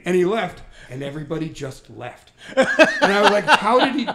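A man hosting a podcast, telling stories in a casual, animated way with lots of laughing. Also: fairly high pitch, a little fast. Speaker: podcast host. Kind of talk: casual storytelling chat.

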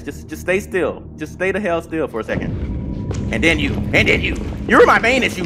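A young adult gaming channel host giving horror gameplay commentary, talking to themself, muttering low and then bursting into panicked yelling and swearing. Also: big pitch swings, normal speed, music in the background.

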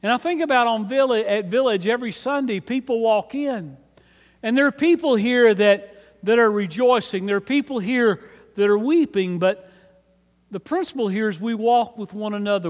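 A man's voice: high voice, normal speed. A man preaching a sermon as pastor, earnest and conversational, often repeating words as he starts a phrase. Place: church sanctuary. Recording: long hall reverb.

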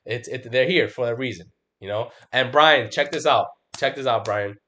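A middle-aged man chats loosely on a trading stream, swearing freely and punching his points. He keeps asking "right?" and calls his viewers bro. His voice sits at an ordinary middle pitch. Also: moderate pace, pushed and bright. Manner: emphatic, swears constantly, lots of "right?" and "bro"; mimics his own panicked outbursts. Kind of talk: casual profane livestream chat.

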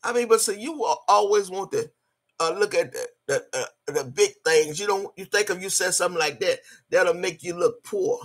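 A woman's voice: fairly low pitch, normal speed, slightly rough. A woman hosting a live stream, answering her chat and scolding a critic in a profane, mocking rant. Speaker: livestream host.

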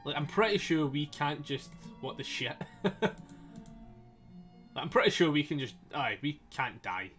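His fairly high voice is sing-song, slow and a bit bright, with some strain to it. He's playing a story game live, laughing often, swearing freely, and joking with his chat, with the game's music faint in the background.

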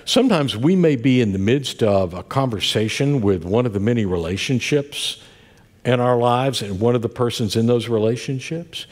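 A man's voice: mid-range voice, lively intonation, normal speed, in a large hall. An older man preaching a sermon in a church, telling folksy stories with many asides. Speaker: pastor. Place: church sanctuary.

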